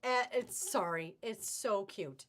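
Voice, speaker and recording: A woman's voice: medium pitch, slow, fairly bright tone. A middle-aged woman hosting a live fabric sale stream, chatty and gushing, laughing often as she reads out codes.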